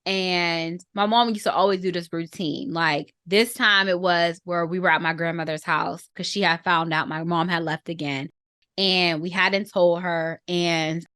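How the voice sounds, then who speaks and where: In a studio-quality recording with no echo, a lowish-voiced woman in her thirties recounts a personal family story on a podcast. She is earnest and reflective, slowing down to pick her words, restraining her emotion and growing softer at tender moments.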